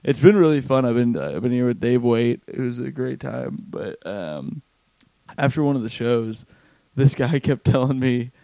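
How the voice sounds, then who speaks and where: A man's voice: mid-range voice, expressive, normal speed, creaky, warm tone, dry recording. A man chatting casually as a comedian and podcast host, laid-back and tired, laughing often and swearing. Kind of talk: casual chat.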